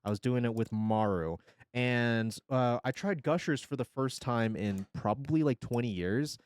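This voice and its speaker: A man's voice: medium pitch, normal speed, a little mellow, clean tone, dry recording. A man in his forties streaming casually, rambling and joking with chat and swearing freely. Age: 40s. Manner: rambling, profane, jokey, reacting to chat.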